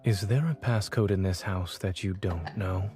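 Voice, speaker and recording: An actor playing a calm, reserved young man in a game, speaking softly and briefly. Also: low voice, normal speed, soft background music, natural voice. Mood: teasing.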